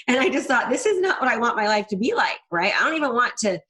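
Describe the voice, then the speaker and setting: Her pitch fairly high and her pace fast, this real estate coach speaks as a guest in a candid storytelling interview. She's animated and frank, often acting out what she and other people said in their voices.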